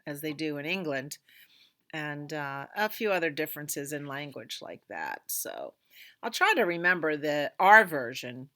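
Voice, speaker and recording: A woman librarian reading a rhyming picture book aloud to children with lively expression. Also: deep voice, a little slow, dry recording, studio quality. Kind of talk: storytime read-aloud.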